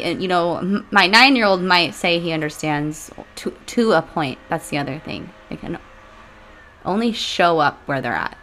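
A woman in her thirties hosting a personal podcast, talking candidly and emotionally with sighs and soft laughs. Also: low voice, normal speed, slight background noise. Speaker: podcast host. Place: home room with leaf blower outside.

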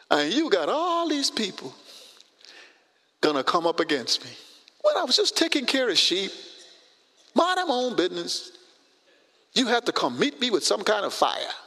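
A man acts out a frantic prophet, pleading and grumbling in exasperation. The voice swings widely and carries a gravelly edge. A long reverb trails every line. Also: high-pitched, bright, forceful tone, pitched below the performer's own voice, full character voice. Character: panicked complaining male prophet. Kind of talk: sermon role-play.

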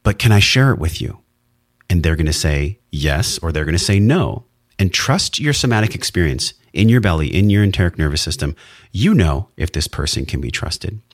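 A man's voice: sits low, expressive, normal speed, no room sound, studio quality. A man hosting a solo wellness podcast, talking in an earnest, heartfelt way and sometimes swearing for emphasis. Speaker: podcast host.

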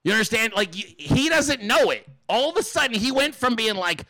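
A man's voice: very high voice, very animated, a little fast, sharp tone, dry recording, rough recording. A man hosting a political commentary show, ranting casually with sarcastic, profane mockery and frequent laughter. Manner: laughs often between remarks. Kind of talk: casual rant.

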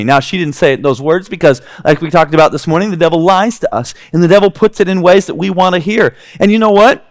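Animated male preacher with a high, lively voice. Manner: animated storytelling, acting out scenes with kids. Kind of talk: sermon.

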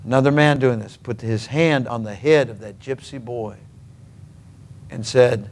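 Earnest male preacher telling stories. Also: medium pitch. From Minnesota. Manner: earnest, emphatic, with dramatic pauses. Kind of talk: sermon storytelling.

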